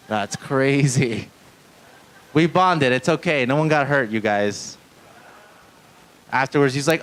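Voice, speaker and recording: A man's voice: medium pitch, normal speed, low-quality recording. A man doing a live stand-up set in a small club, rambling and self-deprecating, swearing often and chatting with the crowd. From Mexican-American family. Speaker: stand-up comedian. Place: small comedy club stage.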